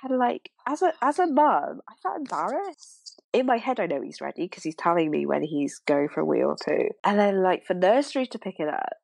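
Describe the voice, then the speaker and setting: A young British woman, a podcast guest, telling stories lively, acting out quotes and laughing. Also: on the low side, fairly quick, creaky, hardly any pauses, no room sound. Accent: British English. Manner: animated, acts out quotes, laughs. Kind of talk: casual storytelling.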